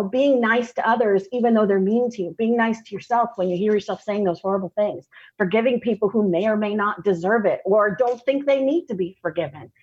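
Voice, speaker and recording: Breathy woman telling her story. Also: mid-range voice, highs cut off. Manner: candid, laughing, animated storytelling with slowed emphasis. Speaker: podcast guest. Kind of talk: personal storytelling in a podcast interview.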